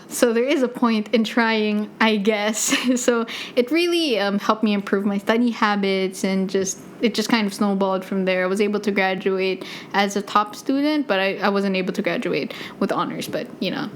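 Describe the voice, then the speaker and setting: A woman's voice: medium pitch, a little hiss or hum. A young woman in her twenties with a Filipino accent, hosting a podcast and telling personal stories in a chatty, self-deprecating way with frequent laughs. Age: 20s. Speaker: podcast host. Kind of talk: casual personal storytelling. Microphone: USB desk mic.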